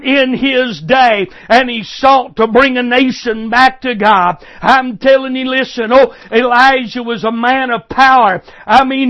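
A man's voice: extremely high pitch, dull audio. A man preaching a sermon with fervent, repetitive phrasing and frequent fillers.

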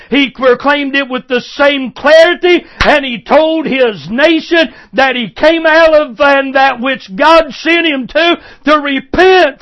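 A male preacher with a strikingly high voice delivers a fervent sermon. He drives his points home with repeated phrases and works steady fillers into his speech. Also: highs cut off.

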